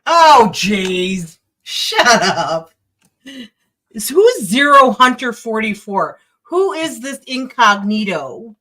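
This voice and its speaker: A woman's voice: fairly high pitch, big pitch swings, takes it slowly, pushed and bright. A woman with a Minnesota accent hosting a casual late-night livestream chat from home, joking, laughing and swearing freely. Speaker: livestream host.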